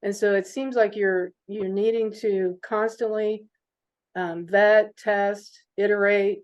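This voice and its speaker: A middle-aged woman, a business owner, telling stories in a chatty, animated interview manner. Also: mid-range voice, takes it slowly. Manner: animated storyteller, chatty with fillers. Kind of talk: conversational interview storytelling. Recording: dull lo-fi recording.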